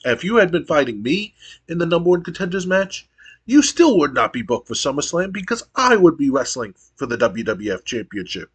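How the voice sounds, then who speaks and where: A man's voice: a little high, big pitch swings, a little fast, breathy edge. A man voicing a smug, boastful young male rival wrestler.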